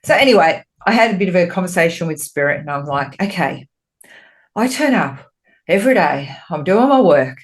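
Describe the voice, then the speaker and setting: A woman, a spiritual medium and podcast co-host, talking in a candid, expressive way in casual chat, swearing freely and getting animated when she retells her talks with spirit. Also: on the low side, brisk.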